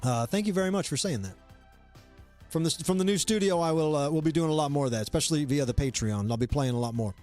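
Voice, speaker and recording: A man's voice: fairly high pitch, lively intonation, fast, a little mellow, soft background music. A man hosting a comedy live stream, chatting casually and rambling with lots of fillers and restarts. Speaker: comedy show host.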